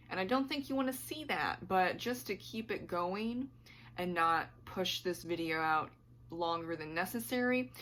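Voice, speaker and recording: Lowish-voiced woman rambling about books at home, voice kinda going, laughs a lot. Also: fairly bright tone, slight background noise. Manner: chatty, rambling, laughs often. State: slightly losing her voice. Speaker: book vlogger. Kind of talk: casual chat to camera.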